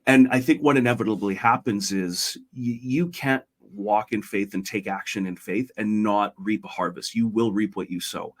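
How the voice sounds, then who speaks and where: A man's voice: lowish voice, moderate pace, hardly any pauses. A middle-aged man, a podcast guest, talking earnestly and retelling a parable in a conversational way. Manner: retells a parable, voicing characters lightly.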